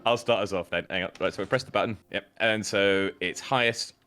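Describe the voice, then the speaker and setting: A man's voice: fairly low pitch, steady tone, a little fast, sharp tone, clean tone, faint music behind. A man in easygoing casual gaming chat who chuckles often.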